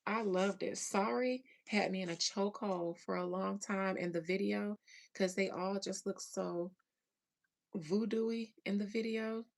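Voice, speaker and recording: A woman talks to her viewers in a loose, slangy way, laughing often as she answers their comments. Her delivery is slow and drawn out. Her pitch sits in an ordinary middle range. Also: fairly even intonation, vocal fry. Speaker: host reading chat comments. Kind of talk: casual livestream chat.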